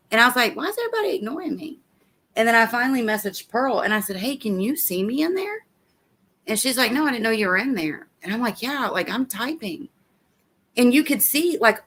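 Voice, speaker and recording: A woman's voice: medium pitch, a bit bright. Chatty woman live-streaming from home. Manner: chatty, rambling, reads comments aloud. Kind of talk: casual live-stream chat. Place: at home with a baby.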